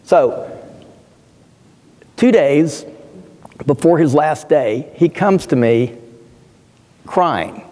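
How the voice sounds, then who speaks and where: A middle-aged man with a slightly raised pitch and a mellow, dark tone, speaking earnestly and with emphasis. His sentences often restart as he builds a point. His voice rings with the long reverb of a large hall. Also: animated, very slow, long pauses. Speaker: physician and pastor, panel guest. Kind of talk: panel talk, personal storytelling. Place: lecture hall.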